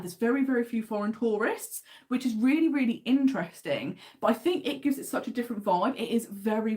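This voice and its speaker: A woman's voice: fairly high pitch, a little mellow. An English woman with an English accent, hosting a casual livestream and chatting enthusiastically while answering viewer comments. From England. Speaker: livestream host.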